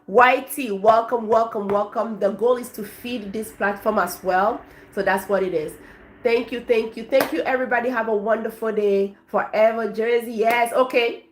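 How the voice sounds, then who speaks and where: A woman's voice: a little high, steady tone, normal speed, slight background noise. A woman from Africa, a life coach, chatting effusively on a live stream and thanking her viewers by name.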